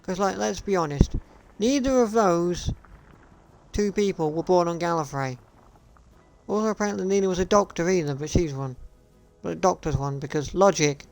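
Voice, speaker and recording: A man's voice: sits high, moderate pace, vocal fry, a little mellow, soft background music. A man streaming live, ranting in a sarcastic, profane and repetitive way. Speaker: gaming streamer. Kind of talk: casual live-stream rant.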